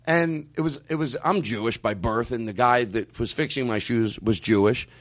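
A man's voice: mid-range voice, moderate pace. A man hosting a podcast, talking in a rambling, profane way with many restarts. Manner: rambling, swearing, stops and restarts. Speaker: podcast host. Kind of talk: casual podcast chat.

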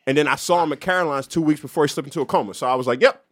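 A man hosting a casual podcast chat, telling stories in an animated way and slipping into voice impressions. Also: fairly high pitch, very fast, no echo, studio quality. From moved to New York as a young comic. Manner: animated storyteller, lively voice impressions. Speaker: podcast host.

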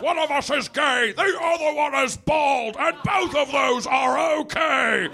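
A grandiose older British stage actor declaims in a slow, high, carrying voice. Every line is projected as if to the back row of a theater. The audience laughs in the club around him. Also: male voice, vocal fry, raised voice, a crowd in the background, full character voice. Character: pompous old male British stage actors.

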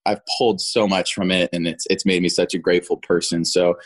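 Guy in his 30s chatting on a podcast, lowish voice, trips over words, laughs a lot. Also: level tone, a little fast. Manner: rambling, repeats words, laughs often. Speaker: actor guest. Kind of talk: casual interview chat.

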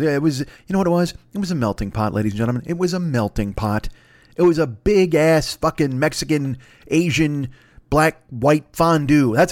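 A man's voice: a little high, no room sound. A man hosting a podcast, delivering a rambling, profane, self-mocking comedic rant. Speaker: podcast host.

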